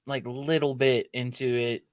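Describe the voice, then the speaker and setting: An easygoing man in a casual podcast chat, pausing with many fillers. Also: mid-range voice, little pitch movement, no room sound, studio quality. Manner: easygoing, halting with many uhs and likes. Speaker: podcast co-host.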